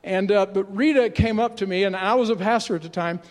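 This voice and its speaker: In a church sanctuary with the long reverb of a large hall, a pastor in his sixties tells a sermon story. His high voice is brisk, and his animated, conversational delivery has frequent restarts.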